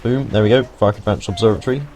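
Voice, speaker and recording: A young British man hosts a gaming video, delivering a casual, jokey walkthrough that rambles into asides and includes the odd swear word. His voice sits lowish and a little mellow, and he talks fast. There is slight background noise.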